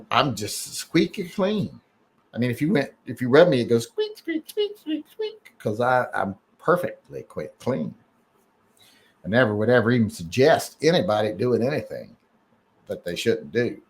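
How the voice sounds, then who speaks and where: A man hosting a casual live stream, reading emails and chat, rambling and joking with many fillers and restarts. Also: mid-range voice.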